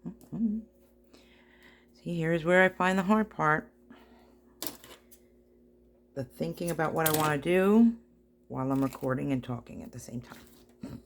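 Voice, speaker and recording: A craft vlogger from New Jersey chats to herself and her viewers while making a craft at home, chatty and self-deprecating. Her voice is deep and gravelly, measured in pace, with frequent pauses.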